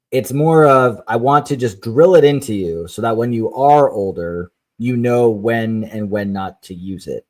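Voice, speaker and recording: A man co-hosting a parenting podcast who speaks haltingly and often restarts his sentences. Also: on the low side, a little mellow. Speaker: podcast co-host. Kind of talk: casual chat.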